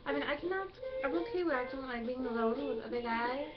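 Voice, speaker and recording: A woman's voice: high voice, fast, over loud music. Chatty young woman, lo-fi. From Mexico. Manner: chatty, rambling storytelling. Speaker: vlogger. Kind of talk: casual chat.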